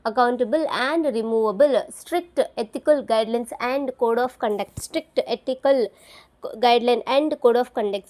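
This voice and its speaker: Her voice sits high and a little mellow as a woman leads a study-along exam lesson, saying each key term several times over and spelling words letter by letter to aid memorization.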